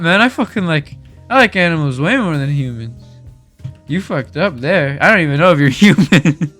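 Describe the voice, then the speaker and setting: A young man chatting casually over gameplay, speaking softly, rambling candidly and laughing often into a desk mic. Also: fairly high pitch, expressive, moderate pace, soft background music. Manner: speaks softly while recording. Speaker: gaming video creator. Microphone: desk microphone.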